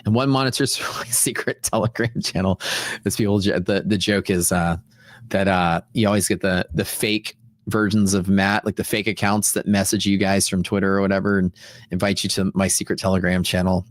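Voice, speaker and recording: Guy hosting a stream, lowish voice, rambly and emphatic, close mic, totally dead dry room. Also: fairly even intonation, brisk, no room sound. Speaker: livestream host. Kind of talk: casual livestream chat. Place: sound-dampened home streaming room with fiberglass panels. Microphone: close studio dynamic mic.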